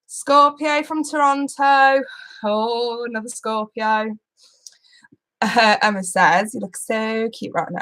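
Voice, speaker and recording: A woman's voice: fairly high pitch, fairly even intonation, slow pace, a bit bright. A young woman hosting a casual live stream, chatting with her viewers and often laughing and swearing. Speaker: tarot channel host.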